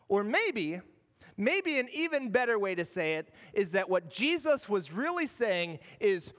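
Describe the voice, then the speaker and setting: A high-voiced man preaches with earnest conviction, swinging from raised, urgent lines to near-hushed ones. His voice carries a long reverb through a church. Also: big pitch swings, moderate pace. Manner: earnest, dramatic shifts between loud and hushed. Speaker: pastor. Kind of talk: sermon.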